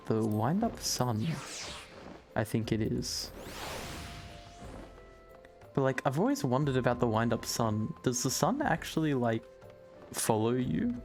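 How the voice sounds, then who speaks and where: Excitable man streaming a game. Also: medium pitch. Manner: excitable, swears, talks to himself. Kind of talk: casual game livestream chat.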